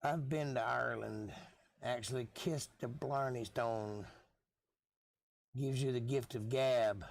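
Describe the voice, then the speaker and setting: A hoarse man hosting a live stream, chatting in a rambling, offhand and jokey way, with the odd cough. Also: mid-range voice, steady tone, slow, pauses often. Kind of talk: casual rambling chat.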